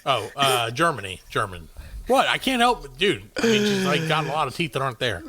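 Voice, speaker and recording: A man's voice: medium pitch, very animated, fairly quick, pushed and bright, husky. A man hosting a comedy podcast, rambling through stories and reading odd news aloud with frequent laughs. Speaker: podcast host. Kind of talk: casual comedy chat.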